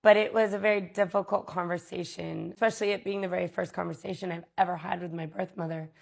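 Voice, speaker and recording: A woman vlogger telling a personal story in a candid, halting way, with many pauses and fillers. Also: fairly low pitch, fairly even intonation, creaky.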